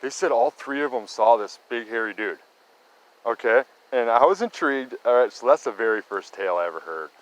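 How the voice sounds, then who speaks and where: A man's voice: medium pitch, lively intonation, fairly quick, rough recording. Rambling middle-aged man telling a tale. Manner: rambling, restarts often, tags lines with "right?" and "okay?". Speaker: storyteller recounting local sightings. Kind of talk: casual rambling storytelling.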